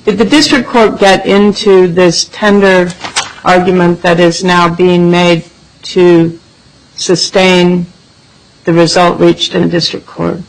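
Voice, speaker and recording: Brisk judge firing pointed questions. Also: mid-range voice, level tone, gravelly, a little hiss or hum, low-quality recording. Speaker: appellate judge. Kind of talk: questioning counsel at oral argument.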